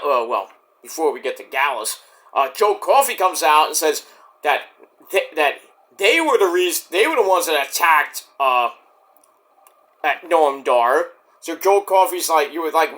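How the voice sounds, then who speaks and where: Lively, bright-voiced man recapping wrestling. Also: fairly high pitch, normal speed. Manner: profane, chatty, acts out quotes. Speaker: wrestling show reviewer. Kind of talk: casual recap and review.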